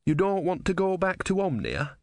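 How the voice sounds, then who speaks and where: A man's voice: high voice, wildly swooping pitch, moderate pace, dry recording, studio quality, voice pushed up. A man voicing a young, nervous novice priest who talks hesitantly and earnestly in a storybook reading. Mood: timid.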